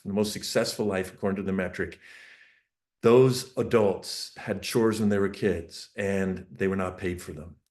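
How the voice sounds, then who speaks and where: Excited man rambling about parenting. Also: fairly low pitch. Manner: enthusiastic, rambling with asides and restarts. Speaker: parenting speaker. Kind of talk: casual talk on parenting.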